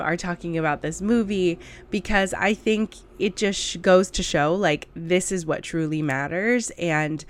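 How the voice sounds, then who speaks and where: Slow-talking emphatic woman vlogger. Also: fairly low pitch. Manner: emphatic, blunt, laughing asides. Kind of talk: casual commentary to camera.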